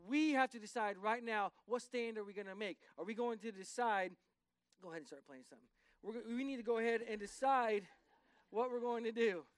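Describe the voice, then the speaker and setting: A man's voice: sits high, a little fast, clean tone, dry recording. A man preaching a sermon to his congregation in bursts of rising emphasis, with asides to the room. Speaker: pastor.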